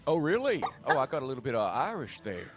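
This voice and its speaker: A man's voice: mid-range voice, very animated, fast, soft background music. A man playing a nervous, self-deprecating frontier man who rambles and swears in a western roleplay. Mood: curious.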